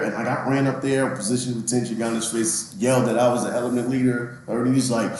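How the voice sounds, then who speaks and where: A man guesting on a casual interview podcast, speaking in a relaxed, reflective way and chuckling now and then. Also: mid-range voice, fast, few pauses. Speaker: recruiting training and evaluation NCO, guest. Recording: very echoey room with faint background hum.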